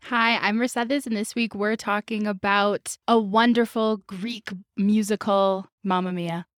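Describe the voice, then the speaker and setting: A woman's voice: mid-range voice, fairly even intonation, unhurried, no room sound, studio quality, faint music behind. A young woman co-hosting a podcast, chatting casually and filling her talk with "like". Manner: chatty, lots of "like" fillers. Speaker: podcast co-host. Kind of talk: casual chat.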